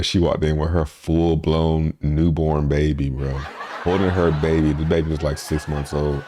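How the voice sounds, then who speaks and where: A man with a very low voice tells a story in a relaxed, rambling way. He swears freely and laughs his way through the funny parts. It is a casual podcast monologue. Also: a little hiss or hum. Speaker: podcast host.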